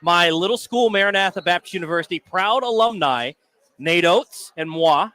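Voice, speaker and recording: A man's voice: sits high, expressive, moderate pace, sharp tone. A man co-hosting a live sports talk show from a sports bar, telling stories in a playful, teasing way. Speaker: sports radio co-host. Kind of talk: casual sports talk banter.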